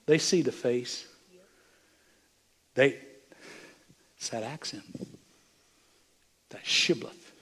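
An older man, a bishop, preaching a sermon with impassioned delivery that swings from hushed, near-whispered moments to loud, emphatic lines. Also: medium pitch, slow, long pauses, breathy edge.

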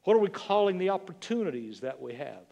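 A man's voice: high-pitched, big pitch swings, quick pace, gravelly, mellow, long reverb tail. A man in his sixties preaching a sermon as pastor, emphatic, with repeated phrases and rhetorical questions to the congregation. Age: 60s. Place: church sanctuary.

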